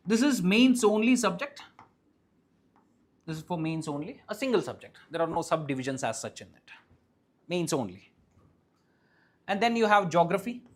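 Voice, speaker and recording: In a classroom full of students, a teacher with an Indian English accent gives a live lecture at medium pitch. He keeps quizzing the class, checking they follow, and repeats key points slowly and firmly.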